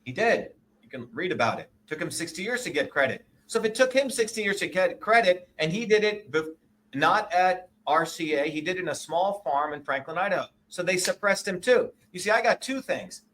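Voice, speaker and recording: Forceful, high-voiced indignant man. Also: lively intonation, fairly quick. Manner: profane, emphatic, indignant, keeps checking with "okay?" and "you see?". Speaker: interview guest, presidential candidate. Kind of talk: combative interview talk.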